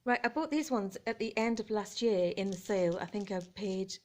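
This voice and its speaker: Decorating at home for her vlog, a woman chats casually, giggles, and talks to her cat, all captured on a camera phone. She speaks at a medium pitch and moderate pace, sounding animated.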